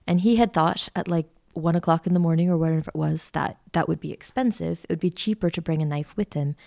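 Gravelly-voiced woman telling a story. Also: deep voice, fast talker. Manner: chatty, animated anecdote-telling with many fillers. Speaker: interview guest, art school founder. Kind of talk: casual storytelling.

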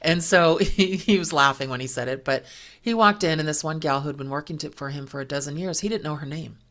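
A woman hosting a podcast, telling workplace anecdotes in a lively, chatty way and acting out the people she quotes. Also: deep voice, brisk. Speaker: podcast host. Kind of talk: casual storytelling chat.

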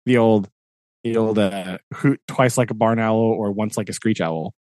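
A man's voice: lowish voice, moderate pace, a little mellow, no room sound, studio quality. A man co-hosting a podcast in casual chat, rambling and tagging his points with "right?". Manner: chatty, peppers talk with "right?" and "like". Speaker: podcast co-host.

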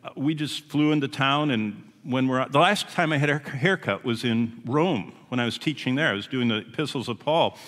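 A traveling missionary preaches to a congregation in a church or meeting hall, his mid-range voice fairly bright and moving at a moderate pace with few pauses. He tells stories in a folksy, chatty way, tossing asides to the audience, and a long hall reverb surrounds him.

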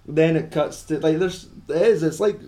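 A man's voice: fairly high pitch, normal speed, mellow. A man co-hosting a casual film chat, rambling and sweary with lots of fillers. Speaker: podcast co-host.

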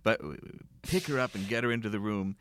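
Deep-voiced man hosting a casual podcast. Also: fairly quick, very noisy. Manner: rambling, chuckling, many fillers. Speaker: podcast host. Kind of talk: casual interview chat.

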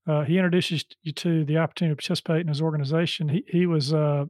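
A male interviewer talks with his guest, summing up the guest's story and leading into questions. His voice sits fairly high for a man. The recording is dry and close, with no room sound, and his delivery is loose and full of fillers. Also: little pitch movement, very fast, darkish tone, dry recording. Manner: prompting, summarizing, many fillers. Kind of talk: conversational interview.

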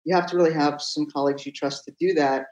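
A man's voice: fairly high pitch, fairly even intonation, fast talker, a little mellow, reverberant, low-quality recording. A man who teaches at a college, a guest on a podcast, explaining his views in a thoughtful, reflective way. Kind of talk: conversational interview.

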